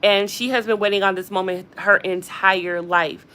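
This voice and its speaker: A woman hosting a casual gossip livestream from a hospital room, chatty and animated, often addressing her viewers directly. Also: mid-range voice, normal speed. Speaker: gossip channel host.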